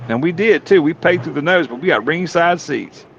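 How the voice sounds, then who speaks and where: On a talk show, a man tells rowdy stories casually in a folksy drawl, peppered with colorful cursing. His voice is on the high side, animated, creaky and moderately paced. The lo-fi recording sounds dull, with faint room noise.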